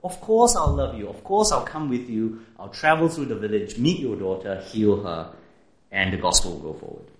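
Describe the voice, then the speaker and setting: A preacher doing a gentle male teacher, speaking softly and reassuringly to a worried mother. His voice moves lively up and down. The sound carries a roomy echo. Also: fairly low pitch, moderate pace, natural voice.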